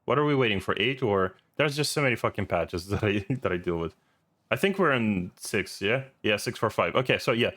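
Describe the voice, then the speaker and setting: A man's voice: on the low side, expressive, fairly quick, a bit bright. A man streaming and reacting to a video in casual, rambling commentary, swearing often and laughing easily.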